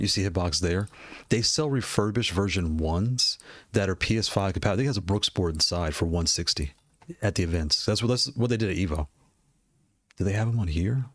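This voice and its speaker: A man's voice: sits low, brisk, fairly bright tone, no echo. A man casually talking through gaming controller prices, rambling and repeating himself with frequent laughs. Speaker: gaming hardware streamer. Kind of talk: casual product commentary.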